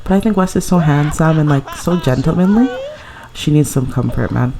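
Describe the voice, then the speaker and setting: A woman's voice: sits low, animated, normal speed, crowd noise. Chatty woman gushing over gameplay. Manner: chatty and gushing, laughs often. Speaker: let's play creator. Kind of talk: casual gameplay commentary.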